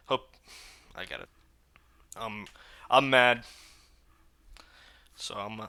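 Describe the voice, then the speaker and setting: A young man gives casual reaction commentary. His voice is low yet bright and forceful, and he talks bluntly and with agitation, circling back to the same phrases again and again. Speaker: reaction video host.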